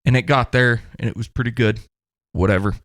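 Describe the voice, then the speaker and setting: A man's voice: medium pitch, a little fast, dry recording, studio quality. A young man co-hosting a casual podcast, telling stories and acting out quotes, swearing freely. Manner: animated storyteller, acts out quotes, swears often. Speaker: podcast co-host. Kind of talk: casual chat among friends.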